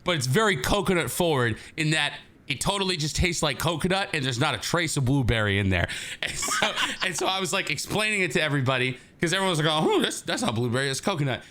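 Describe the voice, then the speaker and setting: A man co-hosting a podcast, telling a story in casual chat, animated and laughing as he acts out what people said. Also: fairly high pitch, fast, a little hiss or hum. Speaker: podcast co-host.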